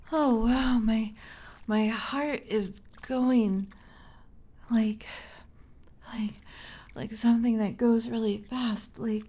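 A young woman plays a curious, tender alien in a human body in this whispered role-play. The voice sits slightly high and breathy, and she speaks slowly. She trips over her words, giggles, and stays close to the mic. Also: exaggerated voice. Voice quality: breathy, soft. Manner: halting, repeats words, giggly.

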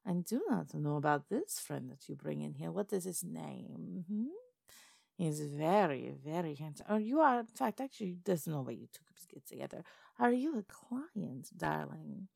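A woman's voice: low-pitched, lively intonation, normal speed, gravelly, a little mellow, no room sound, studio quality, heavily acted. A woman voicing a haughty, condescending female sea-creature madam in a listener role-play audio. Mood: mocking. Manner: sultry, condescending, purring.

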